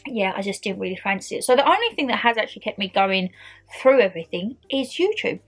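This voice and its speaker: A woman's voice: a little high, a bit bright. Chatty young woman vlogger, bubbly. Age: 20s. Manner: chatty, bubbly, calls viewers "my lovelies". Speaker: YouTuber. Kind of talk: casual year-end chat to camera.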